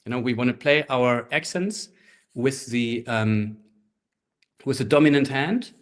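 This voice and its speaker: A man teaching a live online handpan workshop, explaining rhythms in a relaxed way and chanting rhythm syllables, recorded through a laptop microphone. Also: mid-range voice, measured pace. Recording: faint handpan music behind. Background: handpan playing.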